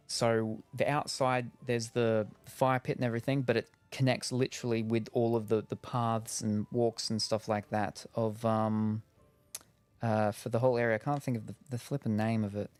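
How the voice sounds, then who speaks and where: A man's voice: lowish voice, level tone, normal speed, darkish tone, smooth, faint music behind. An Australian man chatting casually while playing a game, rambling with lots of fillers and jokes. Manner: rambling, lots of ums, jokey. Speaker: gaming streamer. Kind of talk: casual chat while gaming.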